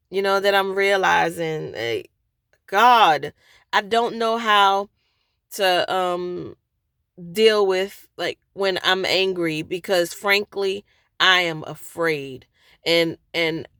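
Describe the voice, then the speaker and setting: Slow, gravelly-voiced woman venting in a car. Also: on the low side, a bit bright, no room sound, clean studio sound. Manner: hesitant, full of pauses and restarts. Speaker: vlogger. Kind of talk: candid personal venting. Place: parked car.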